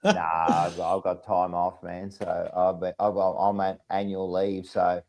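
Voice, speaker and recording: A man's voice: low-pitched, little pitch movement, measured pace, a little mellow. An Australian man co-hosting a casual sports chat show, emphatic and repetitive, often tagging his lines with 'mate'. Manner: emphatic, repeats phrases and tags lines with 'mate'. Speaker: podcast co-host.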